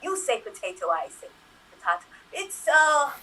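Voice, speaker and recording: A woman voicing a sheltered, bewildered elderly royal man in a put-on upper-class English accent, hesitant and halting in an improv comedy scene. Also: high voice, very animated, fairly bright tone, slight background noise, heavily acted, low-quality recording. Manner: hesitant, full of ums and halting restarts. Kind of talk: improv comedy scene over video call.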